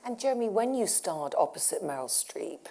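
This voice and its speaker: A woman's voice: mid-range voice, sing-song, normal speed, dark tone. A woman interviewing a guest on stage, attentive and encouraging with short affirmations. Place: community centre hall with live audience.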